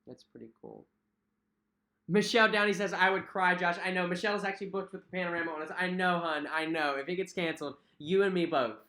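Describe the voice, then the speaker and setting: A man's voice: high voice, fast talker, sharp tone. A young man hosting a casual livestream, chatting in a friendly way, reading out viewer comments and repeating himself with many fillers. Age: young adult. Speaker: cruise vlog host. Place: at home.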